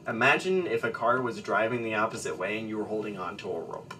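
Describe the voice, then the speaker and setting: A man narrating as game master of a tabletop role-playing game, relaxed and hesitant, with fillers and chuckles. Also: fairly low pitch, quick pace, hardly any pauses. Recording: distant mic with faint background noise.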